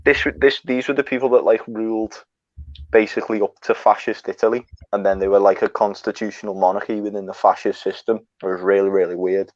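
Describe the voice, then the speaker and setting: A man's voice: on the low side, steady tone, fairly quick, no echo. A young man telling a rambling, sweary travel anecdote in a casual chat. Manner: swearing, rambling, laughs at own story. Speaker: storyteller guest. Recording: dry, slightly dull mic.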